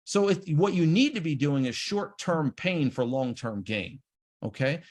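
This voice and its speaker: A man giving an animated seminar talk on trading, acting out the inner voices of traders. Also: on the high side, a little slow. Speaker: trading educator.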